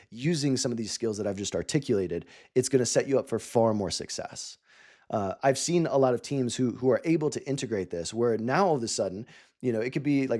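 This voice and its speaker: A man's voice: mid-range voice, darkish tone. A man giving a coaching talk to founders, earnest and explaining step by step with examples. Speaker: cofounder coach.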